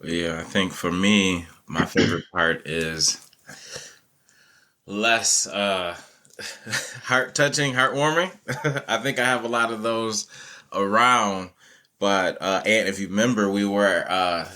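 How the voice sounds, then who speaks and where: A male guest educator telling animated, laughing stories and acting out other people's lines in conversation. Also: lowish voice, takes it slowly. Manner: animated, laughing, acts out quotes. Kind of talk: conversational storytelling.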